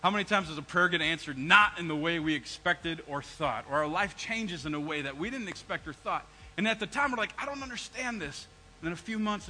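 In church, a pastor preaches a sermon, acting out people's complaints to God and questioning his congregation. His voice sits high, sounding pushed and bright, and the recording is rough.

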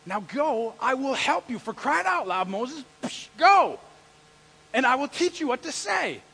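An exasperated, booming God who fires one scolding question after another, as a preacher puts him on. The voice is pushed well above the speaker's usual pitch and is very loud and forceful. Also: male voice, sing-song, creaky, husky, in a large hall, full character voice. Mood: impatient. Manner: shouting, scolding, rapid-fire questions.

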